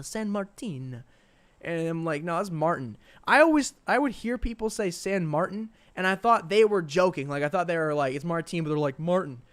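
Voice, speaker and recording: A man's voice: sits high, fairly bright tone. A man with a New York accent hosting and casting an online game tournament, chatting loosely with viewers between plays. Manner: chatty, rambling asides to viewers. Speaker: tournament host and spectator caster. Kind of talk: live-streamed game commentary.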